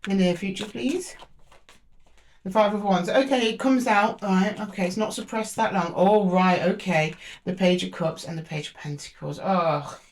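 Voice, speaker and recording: A woman's voice: mid-range voice, moderate pace. A woman reading tarot cards to camera. She speaks straight to the zodiac sign, thinks aloud and often stops and restarts. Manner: hesitant, with frequent restarts while drawing cards. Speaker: tarot reader.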